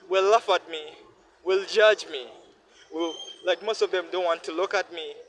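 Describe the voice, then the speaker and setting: A man's voice: high-pitched, a bit bright, poor audio. A weary young man pouring out his feelings in a heartfelt, repetitive personal vlog monologue. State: weary, worn down. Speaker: vlogger.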